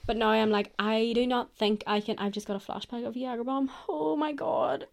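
A woman's voice: on the high side, normal speed, creaky. Chatty woman podcaster. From Ireland. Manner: chatty, candid and self-mocking, with some swearing. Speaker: podcast host. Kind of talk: casual solo chat.

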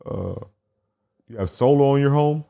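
A man voicing a male telemarketer reading a scripted sales pitch with fillers. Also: lively intonation, moderate pace, gravelly, mellow. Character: male telemarketer selling solar.

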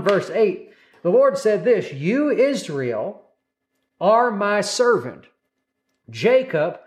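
A man preaching a sermon, emphatic and repetitive, quoting scripture and calling listeners to repeat after him. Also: sits high.

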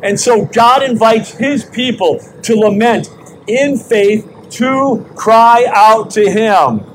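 Older man preaching slowly, high voice. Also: a little hiss or hum, low-quality recording. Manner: slow, emphatic preaching with repeated questions. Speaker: pastor. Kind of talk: sermon. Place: outdoor parking lot service.

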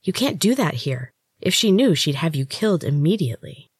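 A woman voicing a secretive young female servant who talks in a hushed, hurried way. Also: sits low, big pitch swings, husky, dry recording, studio quality, exaggerated voice. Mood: urgent.

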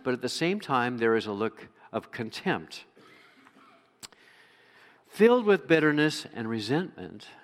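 Animated preacher man in an echoing hall. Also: mid-range voice. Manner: animated, acts out the brother's grumbling. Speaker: pastor. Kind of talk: sermon with scripture reading. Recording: reverberant hall.

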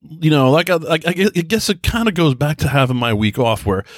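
A man's voice: a little high, a little fast, no room sound, clean studio sound. A man in his thirties hosting a solo casual podcast from home, rambling and self-deprecating with many restarts. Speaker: podcast host. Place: quiet home.

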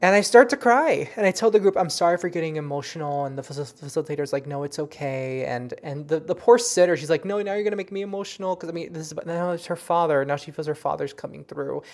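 A psychic medium tells the story of a reading in an earnest, personal way. The voice is soft and emotional, with frequent stumbles and restarted sentences, as if working through the memory aloud. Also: mid-range voice. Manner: earnest, halting, with many restarts; softly emotional.

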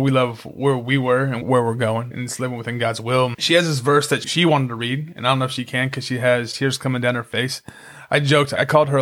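Earnest rambling Christian podcast husband. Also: male voice, mid-range voice, a bit bright. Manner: earnest and rambling, with self-deprecating jokes. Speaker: podcast co-host. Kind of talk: casual Christian parenting podcast chat.

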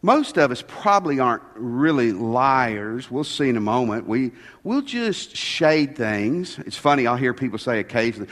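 A man's voice: medium pitch, very animated, moderate pace, a bit bright, in a large hall. A man preaching a sermon as pastor, with folksy, joking asides.

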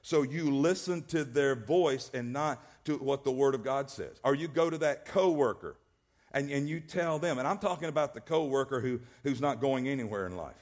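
A man's voice: mid-range voice, animated, normal speed, a little mellow. A male pastor preaching a sermon, emphatic and repetitive, often restarting his words. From American South.

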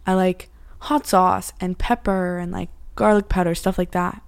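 A woman's voice: lowish voice, level tone, moderate pace, gravelly, smooth. Young woman chatting, full of "like". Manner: rambling, heavy use of filler "like". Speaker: co-host, daughter. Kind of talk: casual chat.

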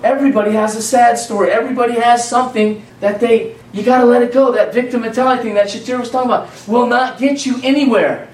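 A man's voice: extremely high pitch, steady tone, fast talker, hardly any pauses. A man preaching an informal sermon to a congregation, talking conversationally with repeated phrases and restarts. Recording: echoey room from far off.

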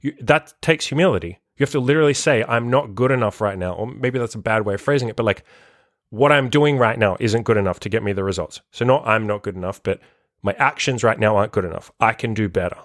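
A man's voice: on the low side, fast talker, dry recording, clean studio sound. A man hosting a solo motivational podcast as a life coach, talking bluntly and emphatically and swearing freely.

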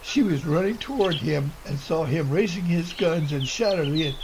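A man's voice: a little high, lively intonation, normal speed, noisy background. A man narrating a storybook tale in an earnest, homespun reading voice with small slips. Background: music.

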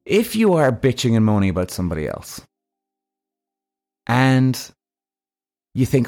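Blunt, profane podcast host. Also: male voice, mid-range voice, wildly swooping pitch, unhurried, long pauses, a little mellow, soft background music. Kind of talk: casual monologue.

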